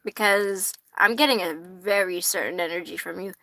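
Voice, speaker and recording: A woman's voice: on the low side, moderate pace, creaky, bright, forceful tone, no echo. A young woman hosting a casual tarot livestream, chatty and rambling, swearing casually and laughing often while eating fries. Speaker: tarot reader and livestream host.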